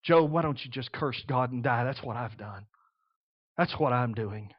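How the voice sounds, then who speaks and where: A man's voice: high voice, sing-song, unhurried, dry recording, muffled recording. A man voicing a grieving wife in a sermon, pleading at times and bitter and despairing at others. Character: grieving despairing wife, middle-aged woman.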